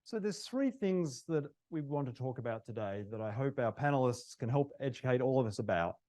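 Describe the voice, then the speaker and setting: A man's voice: mid-range voice, lively intonation, a little fast, dark tone. Polite man moderating a panel. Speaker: host, real estate agent.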